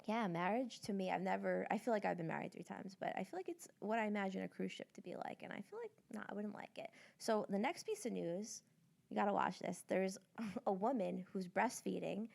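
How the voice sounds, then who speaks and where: A woman's voice: mid-range voice, a little fast, vocal fry, darkish tone. A young woman co-hosting a podcast, chatting casually in a joking, rambling way. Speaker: podcast co-host. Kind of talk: casual chat.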